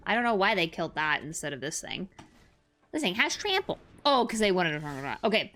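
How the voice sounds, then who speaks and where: A woman streamer giving casual commentary on her own card game, talking to herself and swinging from low mutters to excited squeals. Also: a little fast.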